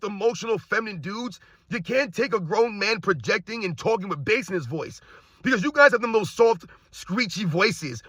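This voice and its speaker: Brief: middle-aged man, loud combative sports rant, bright edge, dry close mic. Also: high voice, no echo. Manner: loud, projecting, animated, combative. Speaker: sports commentary YouTuber.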